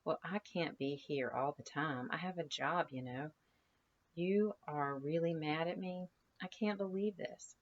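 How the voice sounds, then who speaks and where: A brash, chatty mother, as a woman reading aloud puts her on, breezy and coaxing with a sing-song lilt. Her voice sits low with a gravelly edge. The recording sounds slightly dull and lo-fi, with a faint hiss behind it. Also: measured pace.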